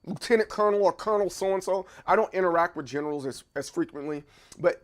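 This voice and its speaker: A man's voice: sits high, quick pace, slight background noise. A man in his thirties hosting a livestream, chatting casually through viewer comments and often stopping to repeat words as he thinks aloud.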